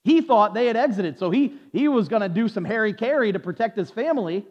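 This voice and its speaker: A man's voice: high voice, expressive, a little fast, hardly any pauses, long reverb tail. A man preaching a Bible lesson who repeats words and restarts his phrases often, asking his listeners questions, on a dull, lo-fi recording. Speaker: preacher teaching a Bible study. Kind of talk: sermon.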